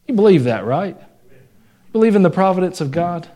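A man's voice: lively intonation, fairly quick, long pauses, mellow. A young adult man preaching a sermon, joking with the congregation and raising his voice to stress points. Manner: conversational, jokes and laughs with the congregation; rises in pitch and volume when stressing a point. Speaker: pastor.

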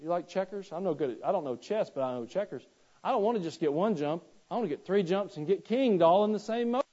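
A man's voice: high voice, animated, fast talker, warm tone, lo-fi sound. Folksy storytelling male preacher. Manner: folksy storytelling with rhetorical questions. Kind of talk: sermon.

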